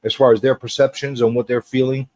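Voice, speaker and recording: A man hosting a casual pop culture livestream, teasing his guest and chatting in an animated way. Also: fast talker, dry recording. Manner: animated and teasing, jumps between high and low.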